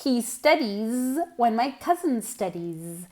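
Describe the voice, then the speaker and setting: Slow, high-voiced woman teacher drilling. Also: expressive. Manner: slow, clear drilling of sounds, switching into Spanish explanations; exaggerates pronunciation and laughs at herself. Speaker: English teacher. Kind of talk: online language lesson with drills.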